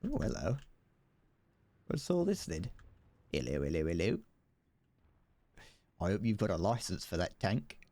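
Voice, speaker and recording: A man's voice: low-pitched, wildly swooping pitch, a little slow, pauses often, warm tone, no room sound, heavily acted. A man putting on a pompous British constable. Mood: mock-stern. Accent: British English. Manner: officious, mock-stern. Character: pompous British police constable, male, officious.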